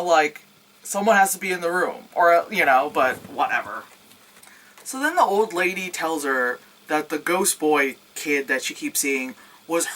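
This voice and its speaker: A woman's voice: low voice, poor audio. A woman giving a casual, sarcastic movie recap, swearing freely. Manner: animated, sarcastic, swears freely, acts out scenes with yelps. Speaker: movie reviewer.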